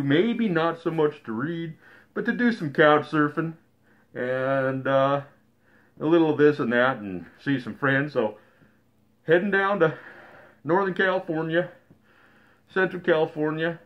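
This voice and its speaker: A man reads a picture book aloud in a folksy way, dropping in gentle joking asides. His voice sits fairly high for a man. The recording is a little muffled and dull. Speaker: storyteller reading a picture book. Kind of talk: storybook read-aloud.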